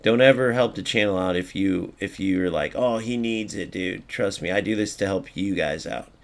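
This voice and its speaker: Excitable swearing gamer man. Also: sits low, normal speed, creaky. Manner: excitable, swears freely, talks to chat. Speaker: gaming streamer. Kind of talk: live gameplay commentary.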